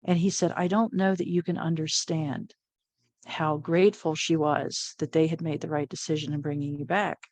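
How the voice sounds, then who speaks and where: A middle-aged woman, an interview guest, telling a personal story in a lively way, often laughing and acting out what people said. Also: sits low, normal speed, no echo. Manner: animated, laughs often, acts out quoted lines.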